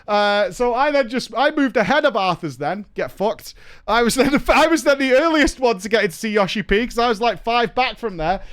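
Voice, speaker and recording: A man hosting a casual stream chat, telling an animated story with laughs and casual swearing. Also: very high-pitched, normal speed. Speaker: streamer host.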